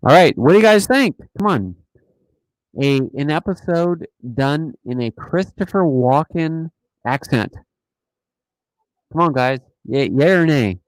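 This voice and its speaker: A man's voice: on the high side, no room sound, rough recording. A man hosting a casual live stream, joking and rambling in a playful, silly way.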